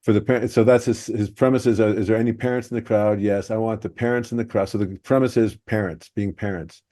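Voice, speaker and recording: A male podcast host with a low, mellow voice, breaking down jokes in an analytical way. The sound is dry and close. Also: steady tone, fast, no room sound. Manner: analytical, explaining joke structure. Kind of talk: podcast discussion.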